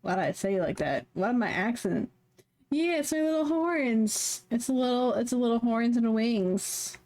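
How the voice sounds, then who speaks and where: A woman's voice: a little high, animated, normal speed, a little mellow. Playful rambling woman streamer. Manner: rambling, playful, self-mocking. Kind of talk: casual stream chat.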